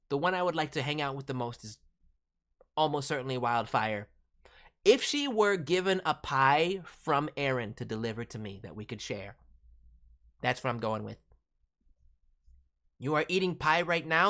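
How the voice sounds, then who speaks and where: A woman's voice: a bass voice, lively intonation, normal speed, fairly bright tone. A woman streamer chatting casually and playfully with her viewers, teasing and joking as she talks. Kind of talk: casual live-stream chat.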